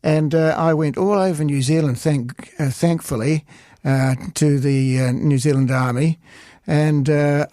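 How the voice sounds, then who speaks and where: Older man, halting storyteller, fairly high voice. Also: darkish tone, no room sound, clean studio sound. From Scotland. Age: 80s. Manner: halting, anecdotal storytelling with frequent hesitations. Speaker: guest illustrator. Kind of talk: reminiscing interview.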